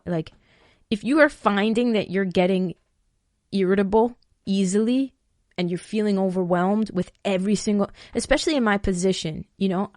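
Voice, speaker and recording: A woman's voice: medium pitch, darkish tone, dry recording, studio quality. A woman hosting a podcast, answering listener questions in casual, blunt talk, swearing freely and repeating words as she gets fired up.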